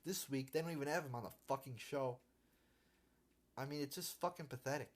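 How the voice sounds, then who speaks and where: A man's voice: mid-range voice, fairly quick. A young man ranting casually on a live stream, profane and irritated, full of restarts and stumbles. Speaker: wrestling commentary vlogger.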